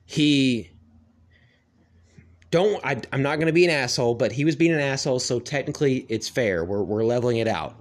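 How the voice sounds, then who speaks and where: A man's voice: mid-range voice, normal speed. Profane rambling man ranting. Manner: profane, rambling, heavy "like" fillers. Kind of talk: casual ranting monologue.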